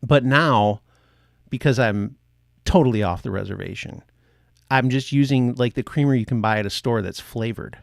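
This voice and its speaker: A man's voice: mid-range voice, moderate pace, gravelly, no room sound, clean studio sound. A man from the United States hosting a podcast, chatting in a playful, rambling way. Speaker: podcast host. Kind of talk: casual chat.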